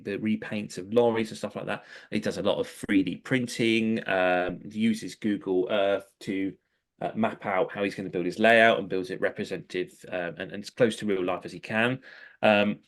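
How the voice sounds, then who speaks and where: A man talks casually on a podcast, chatty and full of ums and restarts. His voice sits a little low. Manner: chatty, lots of fillers and restarts. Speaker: co-host. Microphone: headphones, remote call.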